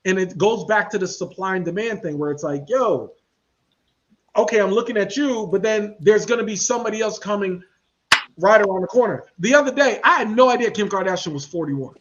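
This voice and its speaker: A man hosting a podcast, talking in a casual, animated and slangy way and acting out the people he quotes. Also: sits high, brisk, muffled recording, a little hiss or hum. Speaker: podcast host. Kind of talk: casual commentary chat.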